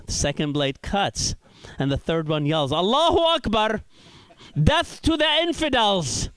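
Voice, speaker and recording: A middle-aged man from Iraq, performing a stand-up set with deadpan delivery and quick voices for the people he quotes. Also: fairly high pitch, clear, resonant tone, no echo. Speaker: stand-up comedian. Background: audience laughter.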